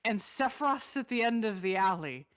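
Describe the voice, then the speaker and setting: A woman streamer in casual chat, excitable and full of swearing, shrieking when exasperated. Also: fairly high pitch, normal speed, smooth.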